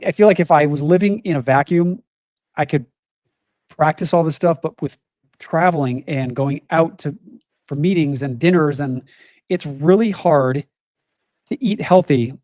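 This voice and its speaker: A man's voice: fairly high pitch, darkish tone, dry recording. A middle-aged man speaking as a guest in an interview, talking in an earnest, open and reflective way. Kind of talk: candid interview conversation.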